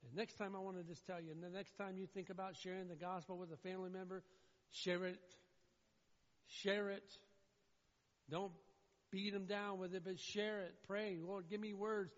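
A man preaching a sermon as pastor, swinging between loud, pleading emphasis and low, somber passages. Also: little pitch movement, normal speed. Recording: dull, muffled sound with long hall reverb.

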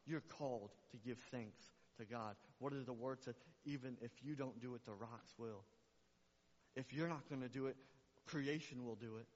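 A male pastor preaching a sermon, swinging between loud emphatic peaks and soft, low passages, repeating his questions back to the congregation. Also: moderate pace. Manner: repetitive call-and-response preaching. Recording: dull sound with long hall reverb.

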